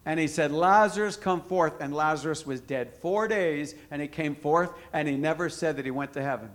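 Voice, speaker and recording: A man's voice: a little high, fairly quick. A man preaching a sermon to a congregation, emphatic, asking questions and answering them himself.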